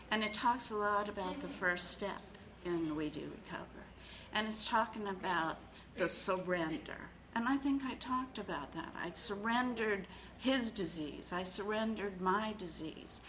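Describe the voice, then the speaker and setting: Middle-aged woman, slow, bright voice, emotional recovery share with many fillers. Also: on the low side, slight background noise, low-quality recording. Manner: halting, full of fillers and repeated phrases; emotional, tearful at times. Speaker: recovery meeting speaker. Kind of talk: personal share at a recovery meeting.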